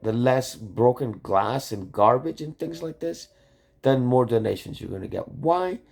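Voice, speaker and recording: An agitated man rants into the camera, swearing freely and doubling back mid-sentence. His voice sits at an ordinary male pitch. Faint music plays underneath. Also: unhurried, darkish tone. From Canada. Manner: agitated, swearing, rambling with many restarts. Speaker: YouTube channel host. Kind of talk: angry rambling vlog rant.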